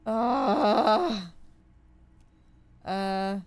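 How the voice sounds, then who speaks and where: Slow-talking woman streamer. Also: a little high, clean tone, dry recording. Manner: reads dialogue aloud, reacts with flustered swearing and laughter. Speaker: streamer playing a game. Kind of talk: casual gameplay commentary.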